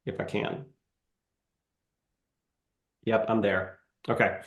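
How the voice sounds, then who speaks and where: A man hosting a live webinar, demoing software in a casual, halting way with many fillers. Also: lowish voice, level tone, roomy sound, dull audio. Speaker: webinar host.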